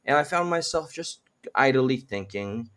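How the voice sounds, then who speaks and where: A man's voice: mid-range voice, lively intonation, measured pace, fairly bright tone. A man hosting a casual chat from his home, wordy and slightly formal in his phrasing. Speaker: host.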